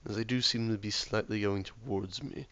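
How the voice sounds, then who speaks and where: A hoarse, ill man talking himself through a game, often muttering softly or near a whisper. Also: fairly low pitch, steady tone, normal speed, no room sound. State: hoarse from illness. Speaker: gameplay video maker. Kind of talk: relaxed gameplay commentary.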